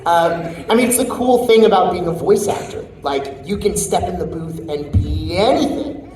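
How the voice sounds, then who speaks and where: A voice actor answering fan questions at a convention panel in a casual, chatty way, laughing often. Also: male voice, high voice, expressive, moderate pace, darkish tone. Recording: echoey hall, distant mic, crowd noise.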